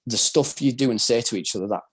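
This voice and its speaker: A man's voice: medium pitch, quick pace, husky. A man from Britain, a former soldier, telling his story as a podcast guest in a candid, rambling, casual way, full of filler words. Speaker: guest, former soldier and wheelchair rugby player.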